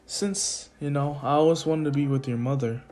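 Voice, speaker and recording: A man voicing a grave demigod father who speaks solemnly and deliberately. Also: a little high, a little mellow, close to an everyday voice.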